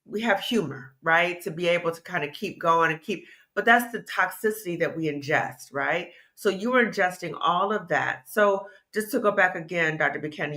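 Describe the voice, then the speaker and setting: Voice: mid-range voice, bright, forceful tone. An interview host who asks questions with an empathetic, affirming manner.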